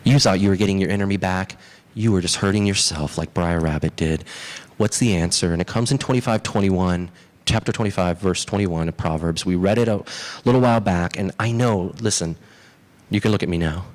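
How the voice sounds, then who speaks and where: A man from the southern United States preaching a sermon as a pastor, telling a story with animated emphasis. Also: low-pitched, fairly quick. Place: church.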